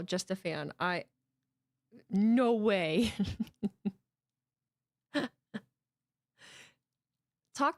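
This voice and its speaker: A woman's voice: medium pitch, dry recording, studio quality. A woman hosting a live watch-along stream, chatting playfully with her viewers and teasing them. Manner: playful, teasing, talks to her chat as "my darlings". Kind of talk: casual live-stream chat. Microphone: headphones with desk mic.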